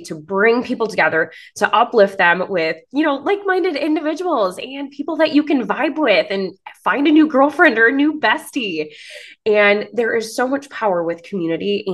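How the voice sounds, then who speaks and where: A woman's voice: mid-range voice, lively intonation, normal speed, a bit bright. A woman in her thirties hosting a podcast, gushing and encouraging as she talks straight to her listeners. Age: 30s. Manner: gushing, encouraging, says "girl" and "like" a lot. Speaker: podcast host. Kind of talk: motivational podcast monologue.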